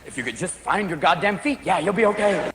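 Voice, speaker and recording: On an echoey stage, amid loud crowd laughter and noise, a man delivers a manic comedy routine, bouncing between voices. His high-pitched delivery is animated and fairly quick.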